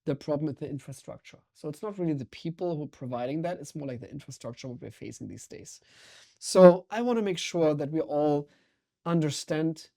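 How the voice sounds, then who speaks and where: A middle-aged man with a German accent talks as a guest in a podcast interview. He sounds energetic and emphatic, and his voice has a mellow, warm tone. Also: a little high, fairly quick, vocal fry. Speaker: guest, water sommelier.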